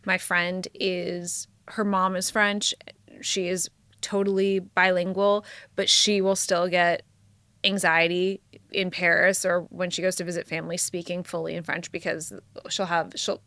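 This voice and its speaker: A woman with a somewhat low voice, co-hosting a podcast conversation. She talks openly and explains her points carefully. The recording is close and dry. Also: level tone, measured pace, fairly bright tone, no room sound. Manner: candid, explanatory. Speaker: podcast co-host. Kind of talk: casual chat.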